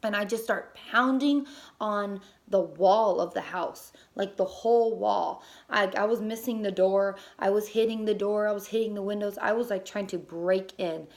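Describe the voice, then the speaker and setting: Young woman telling a story, animated. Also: mid-range voice, moderate pace. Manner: animated, fillers, swears casually. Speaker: mother telling a personal story. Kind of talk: casual storytelling vlog.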